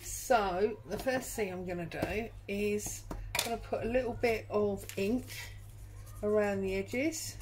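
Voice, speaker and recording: A woman talks through a crafting project at an unhurried pace, musing aloud and adding little asides as she goes. Her voice sits at a middling pitch. Faint ambient noise hums under her speech. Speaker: junk journal crafter and channel host. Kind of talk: crafting tutorial chat. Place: home craft room.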